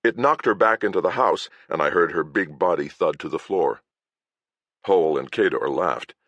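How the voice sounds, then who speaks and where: A man narrating a first-person audiobook in a wry storytelling voice. His voice sits very low yet moves with lively intonation, close and dry. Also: moderate pace, no room sound.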